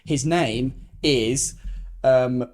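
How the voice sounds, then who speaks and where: A young man chatting loosely as a podcast co-host. He calls his friend "mate" and lets sentences trail off unfinished. His voice sits at an everyday middle pitch. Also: extremely slow, darkish tone. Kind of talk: casual chat.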